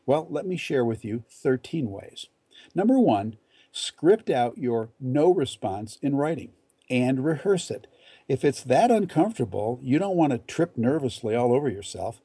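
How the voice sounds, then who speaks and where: Male etiquette instructor, mellow and gravelly, deliberate numbered advice, dry close sound. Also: mid-range voice, expressive, no room sound. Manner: measured, deliberate delivery with quoted example lines. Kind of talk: numbered advice talk to camera.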